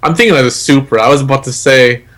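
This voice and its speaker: A man's voice: medium pitch, fairly even intonation, fairly bright tone. Man telling a story in stumbling bursts. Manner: quick, stumbling storytelling with restarts. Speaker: podcast co-host. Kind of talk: casual chat.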